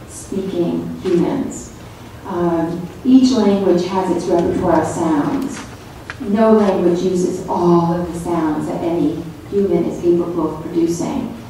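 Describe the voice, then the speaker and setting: A woman giving an author's talk in a college lecture room, reading from her book and speaking slowly and deliberately, drawing out syllables. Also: fairly low pitch, warm tone, slight background noise. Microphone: distant from the recording mic. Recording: echoey hall recorded from far off.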